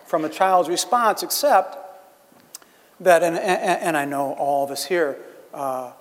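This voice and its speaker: A man's voice: a little high, unhurried, big-room sound. A man speaking as a writer on a panel, hesitant, with many restarts and fillers. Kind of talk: panel discussion.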